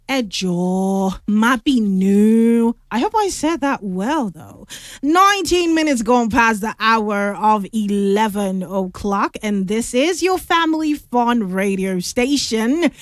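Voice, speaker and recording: Woman, radio host, high lively voice, unhurried teasing delivery, dry close mic. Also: no room sound. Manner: lively, teasing, drawn-out emphasis. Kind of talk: playful call-in radio chat. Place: radio studio.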